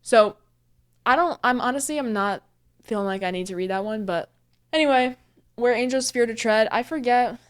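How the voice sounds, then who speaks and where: A woman's voice: a little high, normal speed, clean tone. Chatty young woman rambling to camera. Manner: chatty, rambling, with many fillers and self-corrections. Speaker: booktuber host. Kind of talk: casual book recap vlog.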